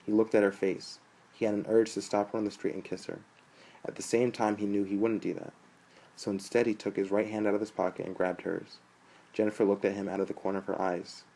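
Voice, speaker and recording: A man narrating a novel in a steady storytelling manner. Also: fairly low pitch, a little fast, rough recording. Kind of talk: audiobook narration.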